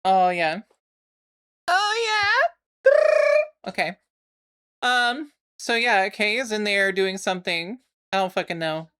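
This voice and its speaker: A woman's voice: medium pitch, big pitch swings, slow pace, pauses often, sharp tone, clean tone. A woman filling in on a live stream, chatting casually in a rambling, sweary way with a sore throat. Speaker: stand-in streamer.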